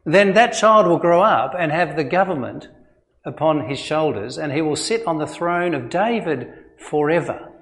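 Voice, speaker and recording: A man's voice: on the high side, lively intonation, moderate pace, fairly bright tone. An Australian man preaching a sermon in a church in a conversational way, with frequent fillers and restarts. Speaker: pastor.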